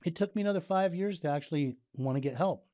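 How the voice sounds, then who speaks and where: A middle-aged man from Southern California, a guest in a casual interview, telling his story with animated delivery and acting out the dialogue. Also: a little high, fast talker, no room sound, clean studio sound. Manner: animated, acts out dialogue, frequent "like" and restarts.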